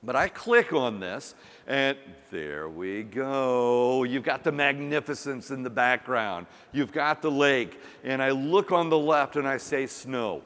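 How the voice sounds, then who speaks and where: A man's voice: medium pitch, measured pace, fairly bright tone. A man giving a humorous keynote talk at a conference, telling a story with acted-out quotes. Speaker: conference speaker. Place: conference hall. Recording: long hall reverb.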